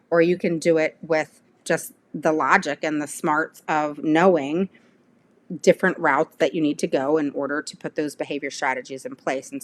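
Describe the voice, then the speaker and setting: A woman's voice: sits low, a bit bright. A middle-aged woman giving parents casual, conversational advice and often checking in with "all right?". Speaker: parent advocate.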